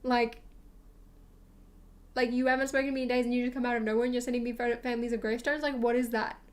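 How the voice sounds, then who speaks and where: A woman's voice: a little high, level tone, fast talker. A young woman streamer rambling through a casual storytime chat, full of fillers and acted-out quotes of herself.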